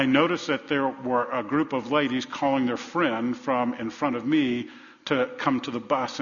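A man preaching a sermon as pastor, repeating phrases for emphasis and dropping from loud to hushed. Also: mid-range voice. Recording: reverberant hall, dull sound.

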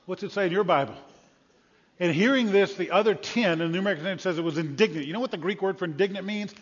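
A husky-voiced male pastor preaches in an animated, storytelling way, with a somewhat high voice that bursts into emphatic peaks. The recording is dull and lo-fi, with a long hall reverb trailing his words. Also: quick pace, long pauses. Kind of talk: sermon.

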